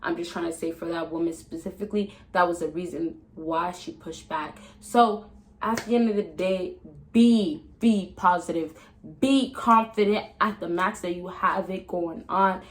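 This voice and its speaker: A woman giving dating advice to camera in a casual vlog, chatty and emphatic, swinging between loud excitement and a soft calm tone, laughing often. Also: fairly low pitch, moderate pace, rough recording. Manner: laughs often mid-sentence.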